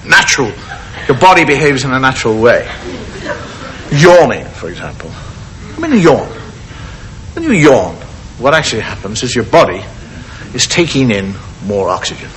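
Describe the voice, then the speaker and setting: A middle-aged man doing a relaxed stand-up monologue on stage, acting out gestures and noises as he talks. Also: medium pitch, normal speed, pauses often, low-quality recording. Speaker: stand-up comedian. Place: stage before a live audience. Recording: vintage TV broadcast with audience noise and hiss. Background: audience laughter.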